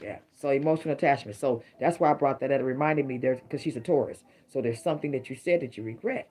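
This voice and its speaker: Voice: mid-range voice, fast, darkish tone. Preachy middle-aged tarot reader. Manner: rhyming catchphrases, emphatic, preachy. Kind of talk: casual tarot reading to viewers.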